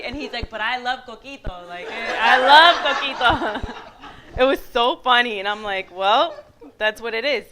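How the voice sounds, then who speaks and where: A woman giving a talk as guest speaker on a mic, telling stories in an animated way, acting out quotes and laughing. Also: mid-range voice. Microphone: handheld mic.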